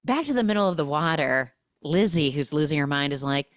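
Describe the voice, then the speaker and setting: A woman's voice: sits low, lively intonation, a little fast, few pauses, no echo, clean studio sound. A woman hosting a podcast, animatedly recapping a film, acting out the characters' lines and humming the score.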